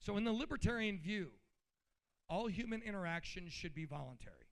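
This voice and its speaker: A convention speaker with a high-sitting voice, animated and brisk, gives a blunt, informal political speech in a convention hall. He sounds riled up and talks colloquially.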